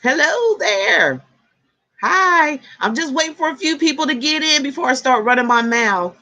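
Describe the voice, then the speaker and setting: A woman's voice: high-pitched, fairly quick. A woman hosting a casual tarot live stream, chatting with viewers, reading their comments aloud and laughing easily. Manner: laughs easily, animated exclamations.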